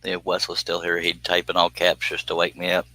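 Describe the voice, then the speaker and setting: Sleepy male stream host, lowish bright voice, easygoing rambling chat, reads comments out. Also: completely flat delivery, fairly quick, no room sound, low-quality recording. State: sleepy, yawning. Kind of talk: casual live-stream chat.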